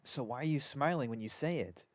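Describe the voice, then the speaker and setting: A man's voice: mid-range voice, heavy background noise. A man streaming a video game, joking and swearing with friends. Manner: joking, profane, quick to laugh. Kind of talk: casual let's-play banter.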